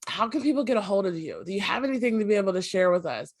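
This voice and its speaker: A woman's voice: mid-range voice, very animated, rapid-fire. A woman hosting a motivational talk show, talking in an upbeat, encouraging way. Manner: upbeat, encouraging, faith-inspired. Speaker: show host.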